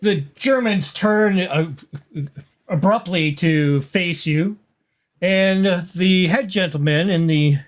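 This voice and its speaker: A game master narrates a tabletop horror scene at an unhurried pace, describing each action plainly. The voice sits at a middle pitch and stops now and then to restart a phrase. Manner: slow, descriptive, with small restarts.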